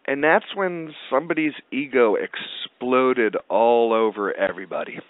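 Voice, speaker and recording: A man's voice: medium pitch, a little slow, dry recording. Male interview guest, rambling and profane, mid-range voice heard over a narrow phone line. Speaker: guest film producer. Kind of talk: casual storytelling interview. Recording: tinny dry phone line.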